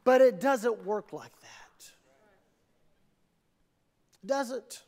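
A middle-aged man preaching a sermon as pastor, swinging between quiet reflection and impassioned, acted-out cries to God. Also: extremely high pitch, animated, extremely slow, creaky. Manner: preaching with rising, impassioned outbursts and acted-out prayers.

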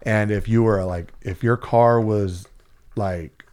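A man's voice: lowish voice, fairly even intonation, slow, a little mellow. A middle-aged man from Central California telling a story in casual chat, rambling and profane, with lots of fillers and restarts.

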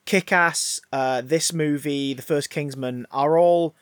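A man co-hosting a podcast, chatting casually about a film, animated and swearing freely as he acts out scenes. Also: a little high, slow pace, clean tone, no echo. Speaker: podcast co-host. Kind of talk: casual film review chat.

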